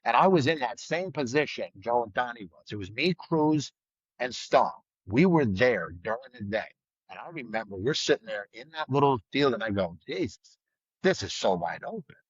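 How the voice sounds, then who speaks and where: A middle-aged man tells a story in a blunt, lively way, swearing freely and loudly acting out what other people said. The recording sounds a little dull and very dry, with no room sound at all. His voice sits at an ordinary pitch for a man. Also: moderate pace, breathy edge, no room sound. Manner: vivid, blunt, acts out quoted lines loudly, swears. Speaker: retired state trooper guest. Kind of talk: casual storytelling in a podcast interview.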